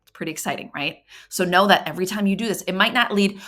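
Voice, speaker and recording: An upbeat woman coaching parents on how to support a child's reading. She encourages warmly and slows down to sound out syllables and individual sounds with care. Her voice sits at an ordinary middle pitch. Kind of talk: instructional talk to parents.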